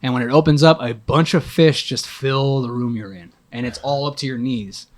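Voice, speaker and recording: A young man on a podcast, telling a long story in a casual, animated, profane way and acting out what he thought at the time. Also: mid-range voice, normal speed. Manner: animated, profane storytelling with acted-out inner voices. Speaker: podcast guest.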